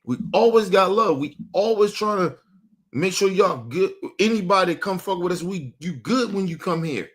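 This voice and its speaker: A man's voice: sits high, expressive, normal speed, fairly bright tone. A man hosting a show, ranting angrily in with heavy swearing and a lot of repetition. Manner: angry, repeats himself, swears heavily. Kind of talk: heated on-air rant.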